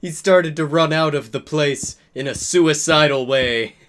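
A man doing a comedic dramatic reading in an expressive, theatrical manner. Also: a little high, a little slow, slight background noise.

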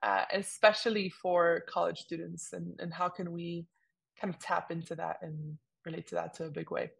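Husky, gravelly young woman chatting. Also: lowish voice, normal speed. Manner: animated, chatty, many fillers. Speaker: podcast co-host. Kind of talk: casual conversation.

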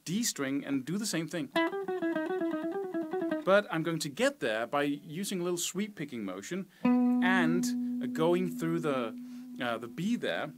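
Man teaching guitar over loud playing. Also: fairly high pitch, expressive, unhurried, long pauses. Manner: explains step by step, counting fret numbers. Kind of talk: guitar lesson. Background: electric guitar.

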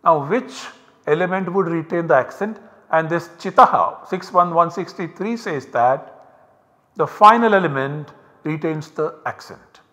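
A man's voice: a little high, expressive, fairly bright tone. Indian man lecturing with a reverberant sound. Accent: Indian English. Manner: measured, explanatory, points to examples on a slide. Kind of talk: university lecture. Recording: lecture recorded with long reverb.

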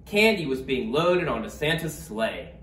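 A man reading a holiday bedtime story aloud in a slow, expressive manner. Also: fairly high pitch. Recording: roomy, distant, faint room noise.

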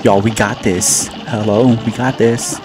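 A man's voice: on the low side, fairly even intonation, a little slow. A man casually commenting on his own gameplay, joking at himself and repeating words as he plays. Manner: jokey, self-mocking, repeats words. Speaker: gaming channel host. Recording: game music playing behind.

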